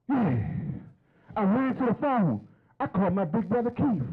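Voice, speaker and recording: Stand-up comic, man in his fifties, animated delivery, tinny lo-fi audio. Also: high voice, measured pace, long pauses, husky. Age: 50s. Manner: chatty, teasing the crowd with questions. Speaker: stand-up comedian. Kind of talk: stand-up comedy set. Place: stage at a comedy show.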